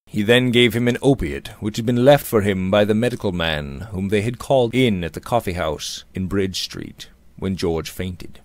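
A man narrating a Victorian novel aloud in a measured, expressive storytelling manner. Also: low-pitched, dry recording. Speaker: audiobook narrator.

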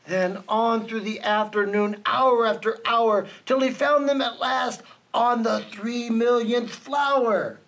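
A man reading a children's rhyming storybook aloud in an expressive, rhythmic way. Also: extremely high pitch, takes it slowly, gravelly. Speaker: storybook reader.

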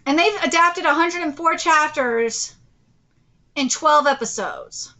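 Woman ranting about anime, high pitched voice, pleading n swearing a lot. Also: takes it slowly, sharp tone. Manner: exasperated, pleading, swears freely. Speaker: anime commentary channel host. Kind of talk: casual anime commentary.

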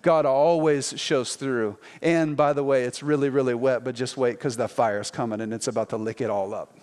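A man preaching as a pastor, telling a scripture story in a lively, conversational way and acting out the quotes. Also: mid-range voice, moderate pace, big-room sound. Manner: animated storytelling, acts out quotes in playful voices. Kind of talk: sermon.

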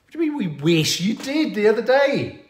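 A man's voice: high voice, big pitch swings, brisk, reverberant. A man co-hosting a casual family livestream, reading out viewer comments and cracking jokes. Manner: playful, jokey, full of trivia.

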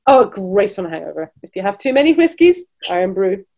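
A woman's voice: medium pitch, very animated, brisk, mellow. Scottish woman, guest on a travel podcast, conversational with lots of restarts. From Scotland. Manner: chatty, restarts often, laughs between points. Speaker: travel business director, guest. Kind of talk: casual interview chat.

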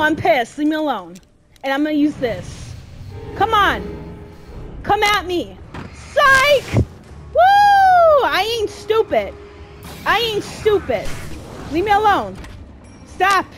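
High, lively woman ranting through gameplay. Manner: exasperated, swearing, talking back to the game; slangy casual speech. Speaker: gameplay streamer. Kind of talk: live gameplay commentary.

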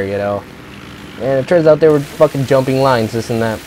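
A teenage vlogger tells a story as a heated rant at normal speed, his ordinary male pitch a little mellow. He curses freely and rambles through fillers and restarts, with a faint hum of background noise beneath the recording.

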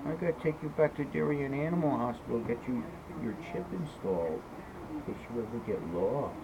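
A man talking to his pet cat in a casual home video, switching between everyday muttering and high sing-song baby talk. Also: lively intonation, fairly quick, noisy background. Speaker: cat owner. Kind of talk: casual talk to a pet while doing chores. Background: cat meowing.

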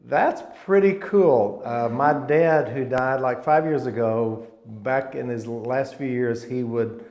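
A man's voice: medium pitch, slow pace. Rambling older man telling stories, roomy. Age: 60s. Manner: rambling, animated storyteller with many restarts. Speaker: former college football player, alum guest. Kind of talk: casual interview, reminiscing. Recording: roomy echo.

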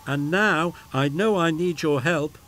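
A man's voice: fairly high pitch, measured pace, fairly bright tone, voice pushed up. A man voicing an eager little male tank engine, puffing and earnest, in a storybook reading. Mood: strained.

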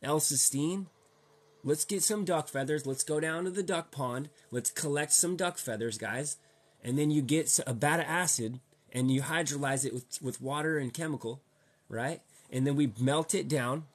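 A young man with a husky, slightly breathy voice rants to his viewers in a loose, slangy way. He keeps firing rhetorical questions at them and repeats himself for emphasis. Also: on the high side, normal speed. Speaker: vlogger. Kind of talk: casual rant to viewers.

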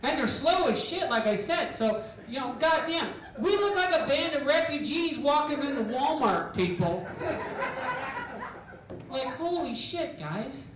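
High-voiced stand-up comic in echoey club. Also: male voice, lively intonation, a little slow, recorded from a distance, a crowd in the background. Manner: loud, bantering, acts out characters. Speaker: stand-up comedian. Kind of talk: stand-up comedy set. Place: comedy club stage. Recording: echoey club recording from afar. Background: audience laughter.

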